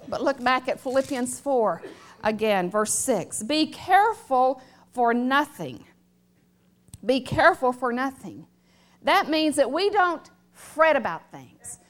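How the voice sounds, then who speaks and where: Middle-aged woman pastor, high pitched, emphatic sermon delivery with call-and-response. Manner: emphatic, repetitive, calls for audience response. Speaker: preacher.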